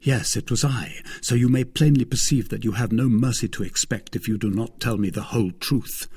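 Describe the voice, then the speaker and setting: A man voicing an impetuous young male swordsman in a storybook reading, speaking forcefully and insistently. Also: mid-range voice, moderate pace, husky, dry recording, clean studio sound. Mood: demanding.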